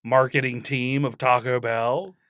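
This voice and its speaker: A man co-hosts a podcast in loose, casual chat, laid-back and quick to laugh, tossing in the odd swear word. His voice sits in a middle range. The studio sound is close and dry. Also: mid-range voice, flat delivery, fairly bright tone, no room sound. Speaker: podcast co-host. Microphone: studio mic.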